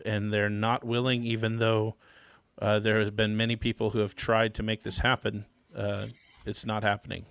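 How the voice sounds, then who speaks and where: A man who is a pastor, guesting on a podcast and explaining his view step by step in a measured way. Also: on the low side, little pitch movement, a bit bright, clean tone, dry recording. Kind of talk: casual theology discussion.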